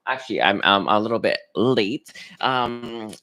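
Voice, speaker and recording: A man hosting a spiritual livestream, talking casually and hesitantly with many pauses and restarts. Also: fairly low pitch, bright, forceful tone. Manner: hesitant, lots of ums and restarts. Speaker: psychic reader hosting a livestream.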